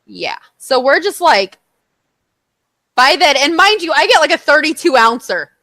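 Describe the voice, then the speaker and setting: A woman's voice: high voice, sing-song, unhurried, sharp tone, dry recording. A woman co-hosting a podcast in casual chat, bubbly, talking straight to her listeners. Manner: bubbly, talks to listeners directly. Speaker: podcast co-host.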